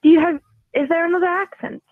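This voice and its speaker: A woman's voice: very high-pitched, fairly even intonation, quick pace. A woman from England, a voiceover artist guesting on a chat show, talking in a self-deprecating, hesitant way with many restarts. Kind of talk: casual podcast chat. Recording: dry, tinny phone-like line.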